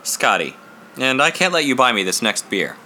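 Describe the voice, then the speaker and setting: A man reading aloud, voicing a relaxed, friendly young man in a casual way. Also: medium pitch, moderate pace, slight background noise.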